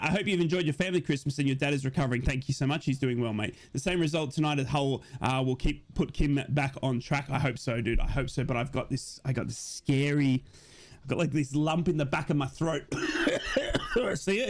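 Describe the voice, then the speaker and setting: Chatty man on a livestream. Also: on the high side. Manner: chatty and excitable, rambling with restarts. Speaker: streamer hosting a football watch-along. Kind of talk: casual live-stream chat, reading viewer messages.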